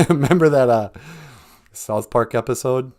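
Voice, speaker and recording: A man's voice: mid-range voice, measured pace, darkish tone. A man hosting a podcast in a casual comedic monologue, rambling and laughing often between jokes. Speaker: podcast host.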